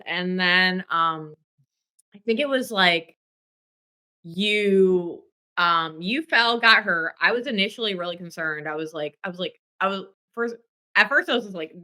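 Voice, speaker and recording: A woman hosting a podcast in casual chat, telling a story with lively acted-out quotes and plenty of swearing. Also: lowish voice, moderate pace. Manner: animated storyteller, acts out quotes, swears freely. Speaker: podcast host.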